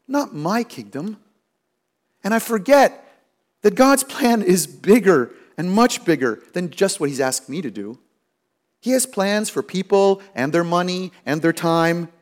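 Middle-aged male pastor, high-pitched, storytelling sermon delivery. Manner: storytelling, acts out quoted voices with rising pitch.

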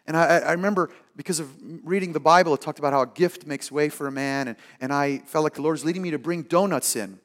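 A man preaching a sermon and telling a personal story, moving from loud emphasis to hushed asides and acting out the people in it. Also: a little high, fast, few pauses. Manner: acts out the people in his stories. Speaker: pastor.

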